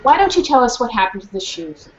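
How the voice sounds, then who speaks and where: A woman voicing a calm, reasonable teenage brother in a storybook, in a dull lo-fi recording. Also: on the high side, quick pace, slight background noise. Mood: earnest.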